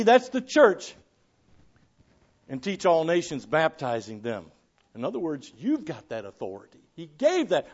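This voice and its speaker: A very animated pastor with a high voice delivers a sermon at a moderate pace, reading aloud from old scripture. Ringing declarations give way to quiet asides and occasional chuckles, and the audio sounds dull and lo-fi.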